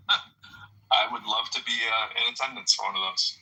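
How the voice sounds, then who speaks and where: Dry-witted low-voiced man moderating. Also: fairly even intonation, takes it slowly, sharp tone, low-quality recording. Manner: dry, hesitant, many fillers. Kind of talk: casual audio chat-room talk.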